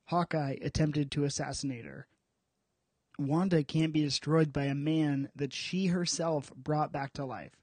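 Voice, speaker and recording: A man's voice: fairly high pitch, steady tone, a little slow, a little mellow, no room sound. A man hosting a podcast, recapping a comic book story and bantering in a playful, self-mocking way. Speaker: podcast host.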